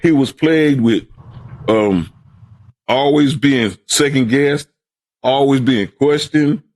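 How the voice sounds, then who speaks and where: A man's voice: medium pitch, slow pace, darkish tone. An older man from Brooklyn, a podcast guest telling stories in casual talk, often repeating words and putting on voices for the people he quotes. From Brooklyn, New York. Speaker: guest, host's father. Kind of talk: storytelling in casual conversation.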